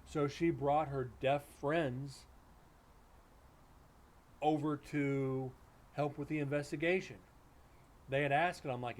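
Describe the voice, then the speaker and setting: A man's voice: a little high, slow, long pauses. Man telling a ghost story. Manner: rambling, animated storytelling with many restarts and quoted dialogue. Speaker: paranormal investigator. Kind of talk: casual storytelling on a live stream.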